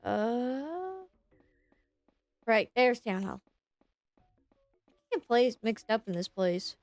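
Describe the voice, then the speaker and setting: A woman's voice: fairly high pitch, slow pace, darkish tone, no room sound. A woman from Texas with a Southern accent, chatting and swearing casually as she plays a game and voices its characters. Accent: Southern American. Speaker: streamer.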